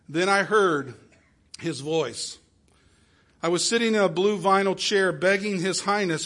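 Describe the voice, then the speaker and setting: A man preaching, retelling an emotional story in the first person, swinging from soft pleading to loud exclamations. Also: high voice, measured pace. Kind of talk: sermon storytelling.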